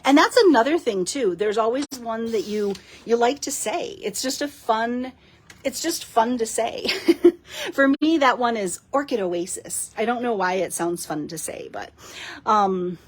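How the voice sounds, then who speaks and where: A woman's voice: on the high side, expressive, unhurried, a little hiss or hum. A woman hosting a casual live card-making demo, chatting and giggling with her viewers as she works.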